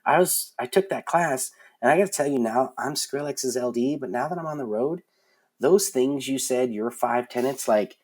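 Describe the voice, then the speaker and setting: A man's voice: mid-range voice, moderate pace, close to an everyday voice. A man quoting a grateful young male lighting designer, talking eagerly and casually.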